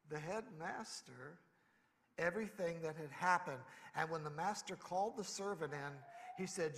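Male pastor with a high voice, emphatic and conversational, in a church with long reverb. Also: a bit bright. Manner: emphatic, conversational preaching with rising bursts. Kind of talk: sermon. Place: church sanctuary.

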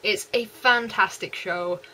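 A young woman with a West Country English accent, chatting excitedly and gushing in repeats as an anime vlogger. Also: mid-range voice, slow pace, a little hiss or hum, poor audio. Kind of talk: casual chat.

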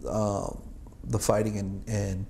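A man's voice: lowish voice, little pitch movement, slow, gravelly, dark tone. A man in his sixties from Boston, an Army veteran recalling his service in an oral history interview, rambling and chuckling with many fillers and restarts. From Boston, United States.

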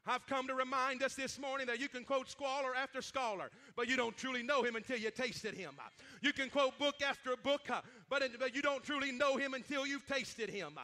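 High, bright-voiced fervent preacher man. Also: fairly quick. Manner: fervent, many 'uh' fillers, rising to shouts. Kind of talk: sermon.

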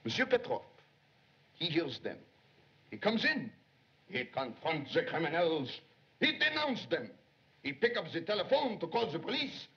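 An eager young secretary dreaming of detective work, his slightly husky voice leaping up and down. He talks in flustered, theatrical bursts. The sound is muffled and lo-fi, from an old film. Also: a little high, measured pace, long pauses, full character voice. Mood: excited. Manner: flustered and excitable, tumbling into theatrics. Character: eager, excitable young male police secretary. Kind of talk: 1930s film acting. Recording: dull lo-fi 1930s film soundtrack.

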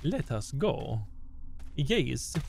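A man's voice: mid-range voice, big pitch swings, extremely slow, creaky. A man playing a game on a casual co-hosted show, swearing and reacting to what happens on screen. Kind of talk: casual gaming chat. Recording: loud background noise.

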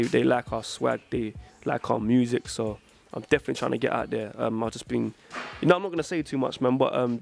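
A man's voice: mid-range voice, gravelly. A young man from England, a rapper chatting casually in an interview, full of street slang and "you know what I'm saying". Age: young adult.

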